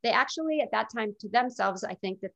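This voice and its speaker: A middle-aged woman speaks candidly and reflectively as an interview guest. Her voice has a gravelly, creaky edge. The recording is dull and lo-fi. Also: fairly high pitch, animated, fairly quick, fairly bright tone. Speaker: guest telling her illness story. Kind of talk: casual interview storytelling.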